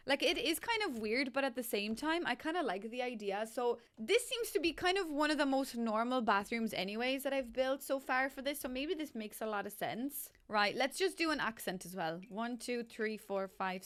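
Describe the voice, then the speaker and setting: A woman's voice: fairly high pitch, a bit bright. A woman casually commenting as she builds in a life-simulation game, thinking aloud, counting through items and amused at what she gets. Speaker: game builder and channel host.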